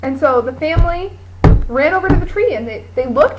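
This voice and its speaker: A woman's voice: high voice, fairly quick, heavy background noise. A young woman co-hosting a homemade video, improvising a silly story in a rambling, giggly way. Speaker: video co-host.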